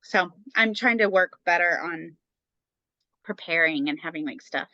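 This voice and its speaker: A woman's voice: on the low side, unhurried, bright, forceful tone, dry recording, dull audio. A woman in her thirties co-hosting a podcast about motherhood, chatting casually and rambling with lots of fillers. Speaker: podcast co-host. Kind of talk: casual chat.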